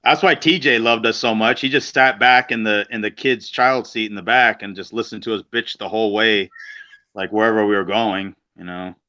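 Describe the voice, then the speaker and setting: A man's voice: lowish voice, fairly even intonation, normal speed, bright, forceful tone. Blunt, profane man telling a road story. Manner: profane, blunt, acts out quotes in voices. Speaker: guest wrestler. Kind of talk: casual storytelling on a podcast. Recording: slightly dull lo-fi sound.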